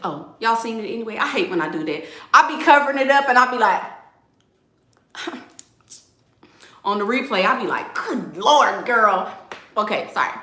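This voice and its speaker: A woman's voice: on the high side, expressive, moderate pace, pauses often, pushed and bright, roomy sound. A woman dating coach on a livestream, giving blunt, sassy and playful advice and reading out viewer comments.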